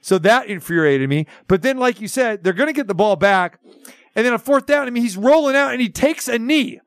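High-voiced ranting sports radio host. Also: male voice, brisk, dry recording. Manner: animated ranting, acts out quotes.

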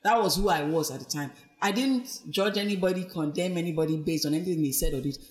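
Animated woman telling her own story. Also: fast talker. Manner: animated, acts out quoted speech with big pitch swings; earnest and reflective. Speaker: podcast guest. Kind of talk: personal storytelling in conversation.

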